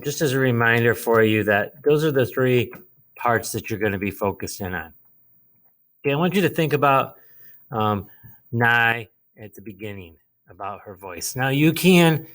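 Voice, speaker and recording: A man's voice: medium pitch, moderate pace, fairly bright tone. A male teacher patiently walking students through a writing task step by step, with frequent fillers. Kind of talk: classroom instruction.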